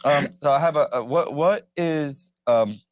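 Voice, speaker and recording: A man hosting a podcast, joking and quick in casual conversation. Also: fairly high pitch, no echo, studio quality. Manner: joking, fast and animated. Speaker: podcast host.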